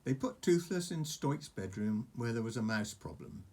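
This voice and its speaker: An older man, a grandfather, reading a storybook aloud to a grandchild with gentle chatty asides. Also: mid-range voice, lively intonation, normal speed. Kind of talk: storybook reading over a message.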